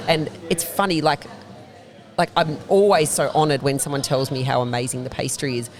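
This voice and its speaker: A woman's voice: rumbling low, fairly even intonation, moderate pace. A woman, a bakery founder, telling fluent, detailed stories as a guest in a casual interview inside her bakery. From Australia.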